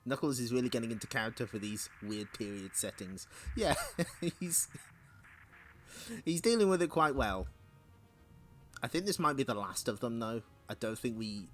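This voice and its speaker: A man's voice: medium pitch, lively intonation, moderate pace, soft background music. A man hosting a live-stream comic read-along, chatting casually with frequent laughter and playful asides. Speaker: streamer reading comics aloud.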